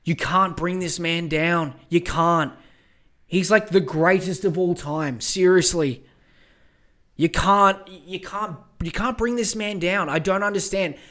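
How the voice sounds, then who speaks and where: Excitable, profane man ranting. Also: sits high, slow. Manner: profane, excitable, often exasperated. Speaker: podcast host. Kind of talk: casual ranting podcast talk.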